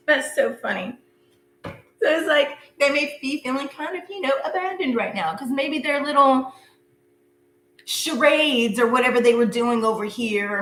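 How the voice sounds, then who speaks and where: A middle-aged woman with a medium-pitched, slightly bright voice gives a casual live tarot reading. She's chatty and blunt, laughing often and cursing freely, in an echoey room with a faint hum.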